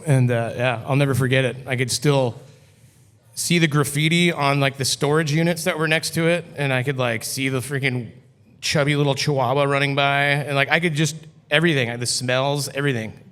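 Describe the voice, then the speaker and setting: A man's voice: medium pitch, fairly even intonation, a little fast, a bit bright. A man who is a podcast guest, telling a story in a loose, cursing, casual way full of "like". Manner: loose and profane, heavy use of "like". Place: brewery taproom. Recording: long hall reverb.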